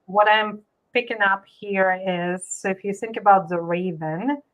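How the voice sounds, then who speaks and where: A woman's voice: medium pitch, unhurried, low-quality recording. A woman joining a live tarot stream as a guest, thoughtfully explaining what she picks up from her cards. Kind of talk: casual live chat.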